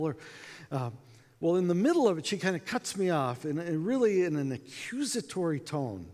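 A man's voice: a little high, very animated, brisk, darkish tone. Chatty American man in an echoing hall. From United States. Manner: conversational, acts out quotes, many fillers. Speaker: conference speaker. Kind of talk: storytelling conference talk. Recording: echoey hall with long reverb.

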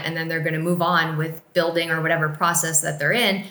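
Bright-voiced woman in an echoey room. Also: low voice, little pitch movement, brisk. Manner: earnest, emphatic, lightly laughing. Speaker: podcast co-host and business team member. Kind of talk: casual business podcast chat.

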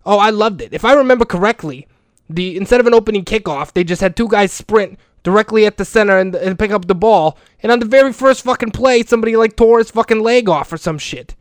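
A man's voice: high voice, a little fast, no room sound, close to an everyday voice. A man playing a crude, foul-mouthed school janitor who rambles bluntly in an improvised comedy rant. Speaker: comedic character monologue.

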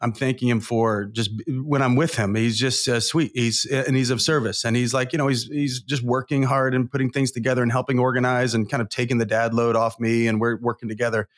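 A mid-range, level-toned voice moves a little fast with hardly any pauses. The speaker, a guest coach in his forties from Southern California, tells earnest, emotional, rambling personal stories on an interview show, in a candid storytelling manner.

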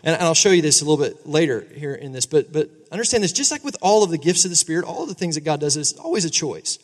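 A man in his thirties preaching a sermon as pastor, animated and conversational, often asking the congregation for agreement. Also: a little high, quick pace. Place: church sanctuary. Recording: long reverb of a large hall.

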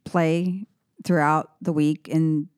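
A woman's voice: low-pitched, flat delivery, slow pace, darkish tone, smooth, dry recording, studio quality. A woman musician chatting as an interview guest, rambling and correcting herself, with easy laughs. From San Francisco Bay Area. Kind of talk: casual interview chat.

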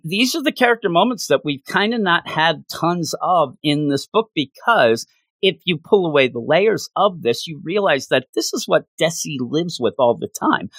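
Man animatedly recapping a comic. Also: dry recording. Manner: animated, acts out character lines in higher voices. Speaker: comic book reviewer. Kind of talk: casual recap with acted-out quotes.

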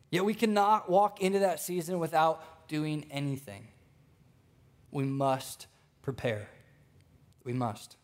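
A young man preaching a sermon, telling stories with lively energy and speaking straight to the congregation. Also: sits high. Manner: storytelling, animated, addresses congregation directly.

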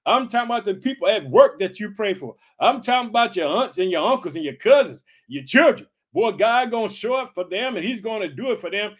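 A man from Illinois preaching an energetic podcast sermon, fervent and repetitive, calling out to his listeners again and again. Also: high-pitched, brisk, few pauses. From Illinois, United States. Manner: fervent, repetitive calls of "guess what" and "hallelujah".

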